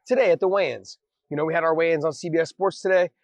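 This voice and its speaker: A man's voice: a little high, racing, no echo. A man co-hosting a podcast, rambling in casual chat with frequent restarts and easy laughs. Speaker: podcast co-host.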